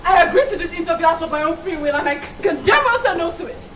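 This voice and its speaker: An actress playing a vain, haughty female celebrity who is quick to rage and insults people. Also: animated, reverberant, background noise. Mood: indignant. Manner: imperious, shrill and insulting when angry. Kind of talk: Nollywood film acting.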